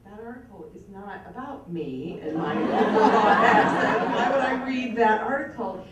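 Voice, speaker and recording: A woman's voice: mid-range voice, moderate pace, crowd noise, noisy background. Wry woman telling stories in an echoey hall. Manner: self-mocking, wry storyteller. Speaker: alumna giving a tribute speech. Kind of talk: anecdotal speech to an audience. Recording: echoey hall, mic far off.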